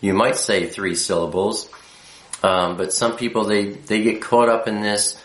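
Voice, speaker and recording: A man with a deep voice explains things at a slow, patient pace. His delivery halts often and is full of fillers. The sound is roomy and echoey. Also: little pitch movement, fairly bright tone. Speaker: teacher of Hebrew letters. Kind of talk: unscripted teaching talk.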